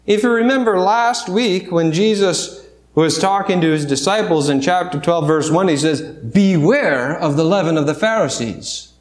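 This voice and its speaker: A man's voice: high voice, animated, normal speed, echoey room. A man preaching a sermon in a church, talking through scripture in a conversational way with restarts and rhetorical questions. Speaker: pastor. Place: church sanctuary.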